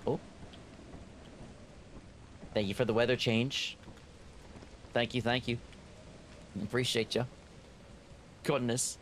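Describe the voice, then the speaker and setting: A man with a Texan accent chatting excitedly while streaming a game and thanking viewers by name. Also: medium pitch, takes it slowly, long pauses, a little hiss or hum. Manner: excitable, reads out viewer names and thanks them. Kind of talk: casual gaming stream chat.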